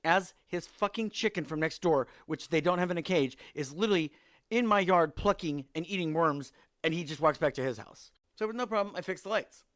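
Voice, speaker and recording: His voice fairly high, a bit bright, and a little fast, the Seattle-area host tells more easygoing stories about the people next door. He acts out their words with wry exasperation.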